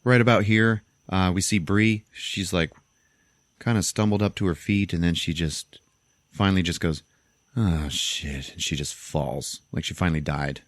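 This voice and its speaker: Deep-voiced man recapping a film. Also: moderate pace, no echo. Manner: animated storytelling, acts out quotes, swears freely. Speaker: podcast host. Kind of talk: casual movie recap.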